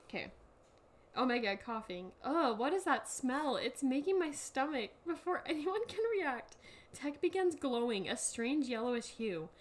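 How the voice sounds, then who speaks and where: Giggly young woman podcaster. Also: a little high. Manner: giggly, reads in halting bursts with frequent laughs. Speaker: podcast co-host. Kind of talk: casual podcast chat, reading an AI story aloud.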